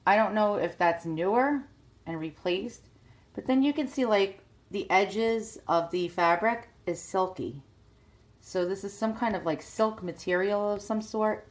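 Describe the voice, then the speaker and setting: A woman's voice: medium pitch, unhurried. A woman with a New York accent chatting casually while showing a vintage teddy bear, hesitant and full of fillers, filming on a handheld phone. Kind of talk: casual show-and-tell vlog. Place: outdoors, then indoors at home.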